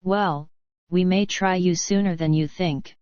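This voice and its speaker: A woman voicing a blunt, hot-tempered gang boss man in an audiobook, spoken slowly and smoothly, low-ish pitch, dry dull lo-fi sound. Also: fairly even intonation, a little mellow, dry recording, natural voice. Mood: gruff. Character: gruff menacing male lodge boss.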